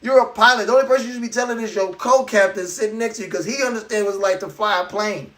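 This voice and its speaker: A man hosting a live podcast, delivering an animated, profane comedic rant full of incredulous asides. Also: high-pitched, fast talker, recorded from a distance. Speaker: podcast host.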